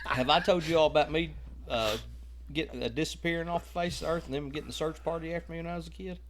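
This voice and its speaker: A man's voice: fairly high pitch, fast, a little hiss or hum. A man co-hosting a family podcast, joking, teasing and telling his own childhood story with lots of laughs. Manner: jokey, laughs a lot, teasing. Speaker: podcast co-host. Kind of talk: casual chat and storytelling.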